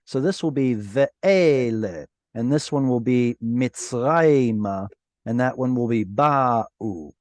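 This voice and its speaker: A man at middle pitch leads a Hebrew lesson over a video call. He explains patiently and slows down to sound out each Hebrew word. The sound is dry and close, with no room in it. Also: steady tone, dark tone, dry recording. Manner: patient, explanatory, pronounces Hebrew words slowly. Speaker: Hebrew teacher. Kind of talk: online class teaching.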